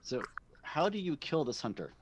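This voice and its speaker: A man running a tabletop game as game master, narrating in a relaxed, rambling way with frequent fillers. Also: on the high side, normal speed, slight background noise. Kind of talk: narrating a tabletop game over a live stream.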